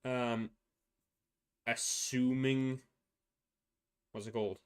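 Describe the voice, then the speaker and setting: A man's voice: medium pitch, flat delivery, drawn-out words, clean tone. Rambling young man explaining language rules. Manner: rambling, self-correcting, mutters to himself. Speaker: streamer presenting a constructed language. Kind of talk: casual livestream explanation.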